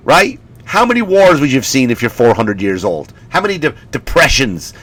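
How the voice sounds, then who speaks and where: Animated, swearing man ranting on a comedy podcast. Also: medium pitch. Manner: animated, profane, mocking impressions. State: sniffly. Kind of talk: comedic rant.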